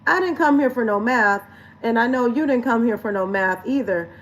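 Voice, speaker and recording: A woman coach talks straight to camera in a candid, chatty vlog. Her voice sits a little high for a woman. She speaks frankly and loosely and drops in the odd swear word. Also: moderate pace, rough recording. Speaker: lifestyle coach and vlogger.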